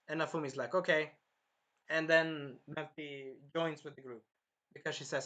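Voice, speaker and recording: A man recapping and reviewing an anime episode in a rambling, self-correcting way, with a sore throat that he keeps clearing, acting out the characters' lines. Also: a little high, normal speed, sharp tone. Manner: rambling, jumps around and corrects himself, acts out characters' lines.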